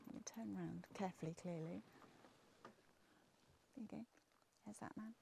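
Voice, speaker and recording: A woman's voice: medium pitch, moderate pace, gravelly, warm tone. An English woman narrating a casual outdoor vlog from her wheelchair, chatty, often dropping to a murmur. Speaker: vlogger touring in a wheelchair. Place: outdoors on a quiet clifftop. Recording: noisy outdoor camera audio.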